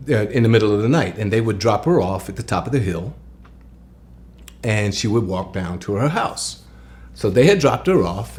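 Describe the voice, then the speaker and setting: A man telling a creepy story from his childhood in a conversational way, dropping to a hush in the tense moments. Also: fairly low pitch. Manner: conversational, hushed in tense parts, excited when recalling being disbelieved.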